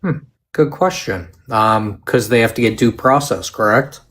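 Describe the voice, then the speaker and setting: A man's voice: mid-range voice, measured pace, a bit bright. A man calling into a casual political debate, teasing and trying to provoke the other side. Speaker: debate caller.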